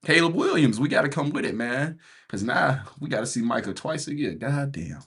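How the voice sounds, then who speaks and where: A man's voice: medium pitch, big pitch swings, a little fast, a bit bright, slightly rough. A man hosting a casual sports talk show, ranting in slangy, exasperated speech and breaking into frequent laughter. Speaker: podcast host.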